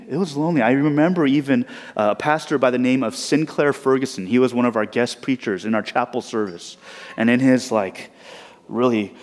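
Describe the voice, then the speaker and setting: Young male pastor, mid-pitched voice, casual and personal sermon delivery, recorded in a reverberant church hall. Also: darkish tone. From Southern California. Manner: conversational, personal, with rhetorical asides.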